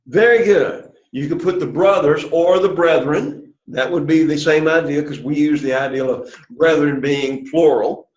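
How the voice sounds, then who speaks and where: A man's voice: fairly high pitch, normal speed, hardly any pauses, darkish tone. A man teaching an introductory Greek class, patiently drilling students after opening with a prayer. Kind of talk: classroom lesson. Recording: echoey room, dull lo-fi sound.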